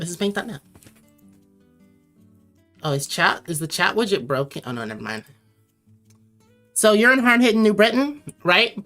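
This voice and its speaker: This young woman from Connecticut, USA, has a low but slightly bright voice. On her late-night drawing livestream she rambles casually and answers viewers, reading their messages aloud.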